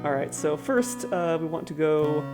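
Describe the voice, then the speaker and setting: Low-voiced woman streaming a game. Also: expressive, moderate pace, a little mellow. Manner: rambling, self-deprecating, lots of fillers. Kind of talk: casual let's-play commentary. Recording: game music playing underneath.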